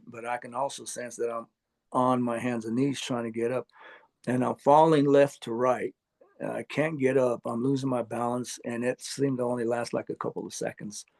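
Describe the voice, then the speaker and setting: A man earnestly recounting a personal experience, halting often with fillers and restarts. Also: mid-range voice, gravelly, a little mellow. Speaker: near-death experience storyteller. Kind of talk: personal testimony interview.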